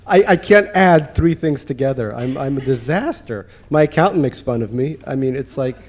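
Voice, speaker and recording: A man's voice: medium pitch, expressive, moderate pace, darkish tone. A man from Russia, an author talking onstage at a reading and taking audience questions, self-mocking and joking. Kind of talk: onstage conversation and Q&A. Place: stage in an event hall.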